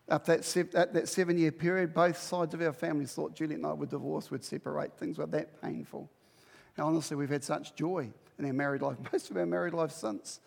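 A middle-aged pastor delivers a sermon in a large hall, telling a story and energetically acting out its dialogue. His voice is fairly high with some vocal fry, and he speaks fairly quickly.

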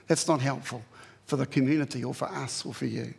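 A man preaching a sermon as pastor, earnest and pleading, climbing sharply in pitch when he presses a point. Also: fairly even intonation, brisk, vocal fry, darkish tone, breathy edge. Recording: long hall reverb.

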